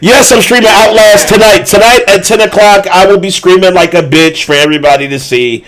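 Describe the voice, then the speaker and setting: A man hosting a live stream podcast, loudly joking, laughing and swearing freely with his co-hosts. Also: sits high, brisk. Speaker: podcast host. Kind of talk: casual livestream banter.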